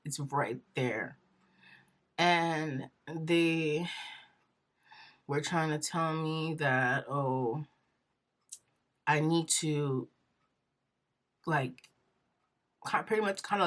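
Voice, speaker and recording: A young woman vlogger telling her personal story in an earnest, rambling way, full of fillers and close to tears. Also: sits low.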